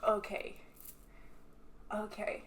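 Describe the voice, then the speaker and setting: Drawing out her words over slight background noise, a young woman from Bermuda chats casually with a glass of wine. She's blunt and swears a lot, telling animated stories in response to viewer questions, her Bermudian accent occasionally shifting to British.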